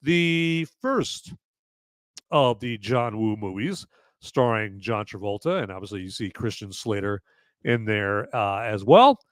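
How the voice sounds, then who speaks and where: A man's voice: on the low side, lively intonation, a little slow, no room sound. A man hosting a live movie review podcast, rambling casually with many fillers and swearing. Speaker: podcast host.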